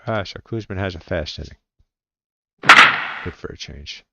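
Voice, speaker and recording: A man playing a solo tabletop baseball game, reading out dice rolls and calling the plays in a relaxed, halting way, muttering to himself as he looks things up. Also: deep voice, creaky, muffled recording, very noisy. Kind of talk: casual play-by-play while rolling dice.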